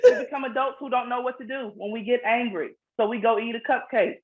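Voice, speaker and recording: A woman's voice: fairly high pitch, quick pace. A woman, a children's book author, explaining things earnestly in a casual interview, often restarting her phrases. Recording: phone-like narrow sound.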